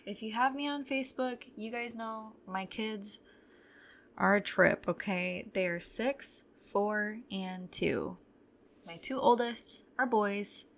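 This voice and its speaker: Young woman with a gravelly voice. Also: a little high. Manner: candid, profane, wry storytelling. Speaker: podcast host. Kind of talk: casual storytelling chat.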